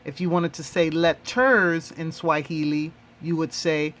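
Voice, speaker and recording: A man hosting and teaching a language lesson, repeating each word three times in a deliberate way. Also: on the high side, fairly even intonation, a bit bright. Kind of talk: slow, repetitive language lesson.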